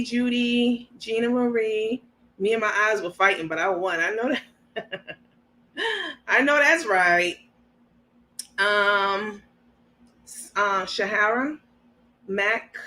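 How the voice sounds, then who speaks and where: A woman's voice: mid-range voice, fairly bright tone. Chatty woman livestream host. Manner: chatty, greets viewers by name, laughs often. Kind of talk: casual livestream chat.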